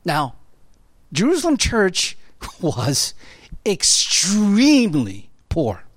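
A male pastor preaching with a high, lively voice that rises and falls a lot. He talks to the congregation in a casual, conversational way and keeps asking "right?". The sound is dry and close. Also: drawn-out words, no echo. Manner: animated, conversational preaching with constant "right?" tag questions. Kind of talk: sermon.

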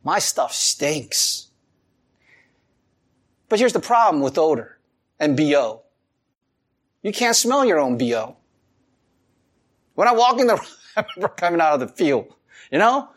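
A male pastor preaching a sermon in an animated way, chuckling often and swinging between loud emphasis and soft, low asides. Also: normal speed, pauses often.

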